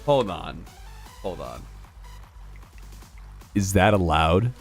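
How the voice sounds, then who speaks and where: A man streaming a video game, chatting casually with his chat and laughing often in a jokey, animated way. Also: deep voice, very slow, gravelly, soft background music. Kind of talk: casual live-stream chat, reading chat aloud.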